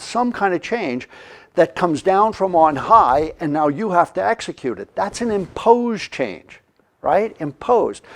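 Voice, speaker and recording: A man giving a motivational training talk on leadership, animated and leading the listener in call-and-response. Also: a little high. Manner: animated, acts out quoted reactions, leads call-and-response.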